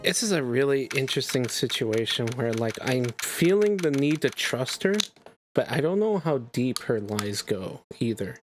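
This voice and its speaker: A man chatting casually as a streamer, rambling and excitable. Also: mid-range voice, moderate pace, soft background music. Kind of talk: casual chat over a game.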